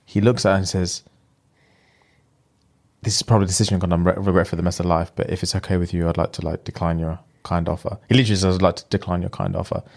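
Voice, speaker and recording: Low and gravelly, a young man's voice moves at a quick pace as he casually recounts a film's story in slang, bringing it to life by acting out what the characters say.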